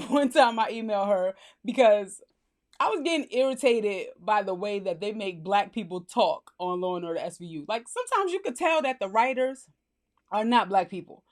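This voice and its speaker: A woman vlogger telling a personal story in a casual, goofy way, laughing often as she talks. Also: fairly high pitch.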